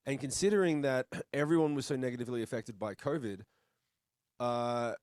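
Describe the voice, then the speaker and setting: A man's voice: mid-range voice, moderate pace, darkish tone, smooth, no echo, clean studio sound. A man with an Australian accent, chatting casually and bluntly as a musician guest over a video call. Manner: laid-back, blunt, chatty, swears casually.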